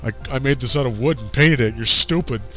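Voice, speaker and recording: A man's voice: mid-range voice, a little fast, bright, forceful tone, soft background music, natural voice. A man doing a smug, dismissive cartoon hero. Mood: scornful. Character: smug male cartoon hero scolding a villain.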